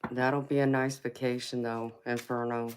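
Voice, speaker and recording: Flat-toned Southern woman chatting with viewers. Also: rumbling low, normal speed, smooth. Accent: Southern US, Georgia. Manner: affectionate, calls viewers sweetheart and baby. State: fighting a cold. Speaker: tarot livestream host. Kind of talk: casual live chat reading comments.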